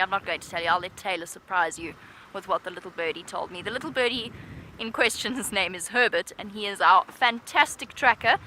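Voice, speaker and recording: A woman's voice: mid-range voice, bright, forceful tone, slight background noise. A woman presenting a live safari drive from an open vehicle, chatty, upbeat and playful.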